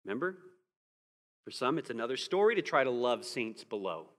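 A man's voice: medium pitch, very animated, fairly quick, fairly bright tone, in a large hall. A man preaching a sermon to a congregation, pressing his points with rhetorical questions and rising emphasis. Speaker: pastor.

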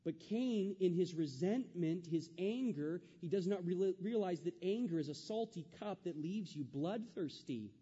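High-voiced man preaching in a reverberant hall. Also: mellow, husky. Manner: emphatic preaching with rhetorical questions and repetition. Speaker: pastor. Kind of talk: sermon. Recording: dull lo-fi sound with long hall reverb.

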